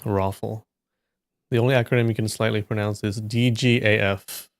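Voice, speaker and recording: Male stream host, lowish voice, dry close sound, jokey banter with his chat. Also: flat delivery, brisk, no room sound. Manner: joking, teasing banter with frequent laughs. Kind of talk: casual chat with stream viewers.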